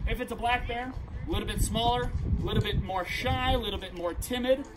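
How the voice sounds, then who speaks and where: A man working as a park ranger, giving a lively outdoor talk to a crowd and leading them in call-and-response. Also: extremely high pitch, brisk. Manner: projecting, upbeat, leads call-and-response. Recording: distant outdoor voice, loud background noise.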